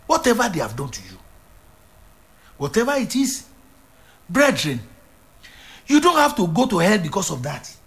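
A man preaching a sermon, emphatic and repetitive, swinging from loud declarations to hushed lines. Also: high voice, huge pitch swings, moderate pace, long pauses.

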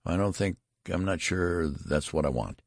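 Man doing a gruff, flustered father. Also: low voice, expressive, unhurried, no room sound, clean studio sound, full character voice. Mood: nervous. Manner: nervous, stammering, then harsh. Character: flustered middle-aged father, nervous and gruff.

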